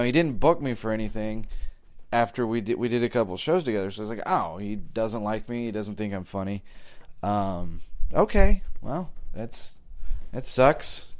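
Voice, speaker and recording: A man in his thirties tells a loose, self-mocking story. He wanders through fillers and restarts as he goes. His voice is smooth and clear at a middle pitch. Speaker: stand-up comedian. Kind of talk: casual storytelling.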